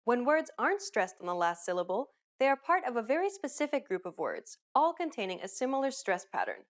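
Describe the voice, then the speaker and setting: Woman, lesson host; lively pitch, fairly high, upbeat scripted delivery. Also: fairly quick. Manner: upbeat, clearly enunciated instruction. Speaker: language teacher host.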